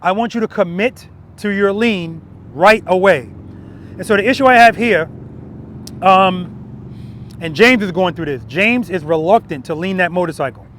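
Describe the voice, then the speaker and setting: A male motorcycle instructor speaking outdoors in a parking lot, with a fairly high voice. He coaches emphatically and repeats his main points. He often drops in a quick "right?" to check that his students are following. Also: a bit bright, slight background noise. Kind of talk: outdoor riding lesson.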